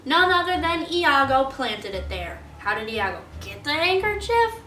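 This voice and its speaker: A woman's voice: high-pitched, sing-song, moderate pace, pushed and bright, recorded from a distance, a little hiss or hum. A young woman student retelling a play's plot in a casual, chatty way, full of fillers. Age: young adult. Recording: roomy echo, faint music.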